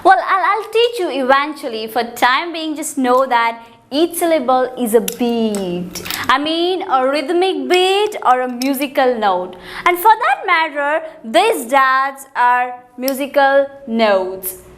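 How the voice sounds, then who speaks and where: A woman teaching pronunciation in class, emphatic, with exaggerated rising and falling pitch. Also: animated, slow, fairly bright tone. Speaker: English pronunciation instructor. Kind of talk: classroom lesson, demonstrating intonation.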